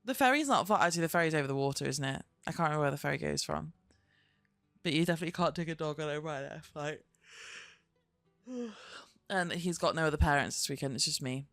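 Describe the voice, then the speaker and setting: A woman's voice: sits low, a little fast, a bit bright, dry recording, clean studio sound. A young woman, chatting casually and expressively on a live stream, swearing and laughing often. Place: at her desk at home.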